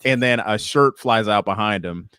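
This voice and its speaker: A male podcast co-host in casual chat, telling an animated story and acting out the voices of the people in it. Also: on the low side, normal speed, clean tone, no echo, studio quality.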